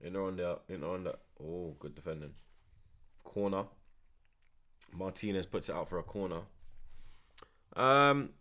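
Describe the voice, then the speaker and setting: A young man talking through a football watchalong in a relaxed, slangy way. He repeats each phrase and reads out viewers' comments between plays. His voice sits a little low. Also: measured pace, pauses often. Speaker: streamer hosting a watchalong. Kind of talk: live watchalong commentary and chat reading.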